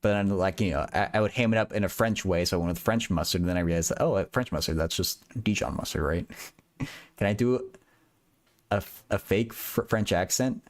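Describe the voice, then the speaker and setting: A man's voice: low-pitched, a little fast. Giggly stammering young man streamer. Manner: rambling, self-deprecating, giggly, stammers with repeated words. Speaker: livestream host solving math and physics problems. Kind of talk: casual livestream chat with viewers.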